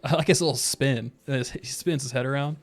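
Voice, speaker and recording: With soft background music under him, a young male streamer talks fairly quickly in a mid-range voice while playing a video game. His commentary is casual and rambling, full of laid-back asides and frequent laughs at himself.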